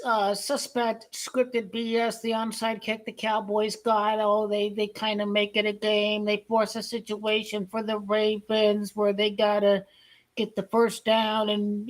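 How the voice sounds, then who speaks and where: A man's voice: sits high, rough recording. Blunt, rambling male football ranter. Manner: blunt, profane, rambling with stumbling restarts. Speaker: football fan vlogger. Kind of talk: casual football rant.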